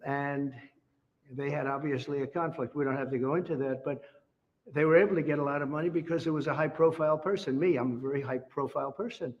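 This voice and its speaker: A man making emphatic public remarks, full of repetition and big claims. His voice sits somewhat high. The recording is muffled and lo-fi, with a long hall reverb behind it. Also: steady tone, quick pace. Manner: emphatic, repetitive, boastful, superlatives. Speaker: politician.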